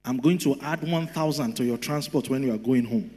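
A male pastor preaching a sermon emphatically, jumping from shouted lines to low asides and laughing often. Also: fairly quick. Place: church hall. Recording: long church-hall reverb.

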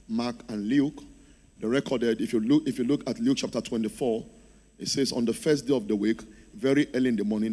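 A man's voice: medium pitch, a little mellow. A man preaching a sermon in church, calling on the congregation to answer him and repeat after him. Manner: preaching, urging the congregation to respond. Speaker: pastor. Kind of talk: sermon with call-and-response. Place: church service.

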